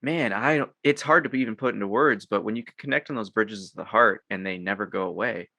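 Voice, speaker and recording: A male host with a lowish, gravelly voice that still has a bright edge. He speaks haltingly, feeling his way toward the right words. The sound is close and dry. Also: no room sound. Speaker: podcast host. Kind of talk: casual reflective chat.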